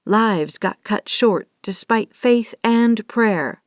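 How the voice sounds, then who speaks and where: A woman narrates a romance audiobook from a script, reading slowly and with measure in an even, steady, medium-pitched voice. The recording is close and dry, with no room sound at all.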